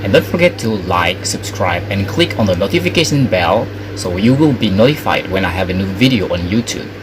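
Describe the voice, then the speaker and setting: A man's voice: low voice, lively intonation, brisk, background noise. A man with an Indonesian accent hosting an online English listening lesson, friendly and encouraging. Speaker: English teacher, channel host. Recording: loud background music.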